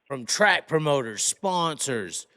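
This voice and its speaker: A man's voice: fairly high pitch, sing-song, takes it slowly, bright, forceful tone. Rambling, swearing man in casual chat. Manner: rambling, profane, full of restarts and "like".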